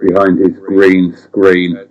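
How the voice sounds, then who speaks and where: A man's voice: sits low, monotone, slow pace, a little mellow, muffled recording. A man co-hosting a late-night live stream, jokey, chatty and theatrical. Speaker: co-host.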